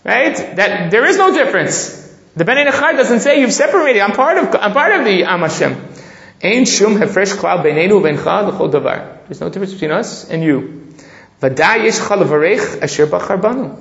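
A man teaching a Torah class, reading Hebrew passages aloud and explaining them in English, getting excited over the text. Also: high-pitched, normal speed, gravelly, reverberant, muffled recording.

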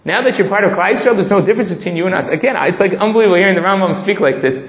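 High-voiced man teaching a text class, Hebrew then English, roomy lo-fi sound. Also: rapid-fire. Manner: reads Hebrew text aloud then explains in English, growing excited. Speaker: Torah teacher. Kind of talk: text-based Torah class.

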